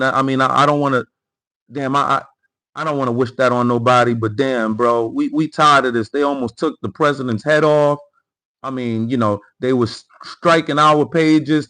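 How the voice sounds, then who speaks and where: A man's voice: on the high side, a bit bright, poor audio. A man hosting a live political commentary stream. He reads chat comments aloud, repeats phrases and talks straight to his viewers. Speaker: livestream host.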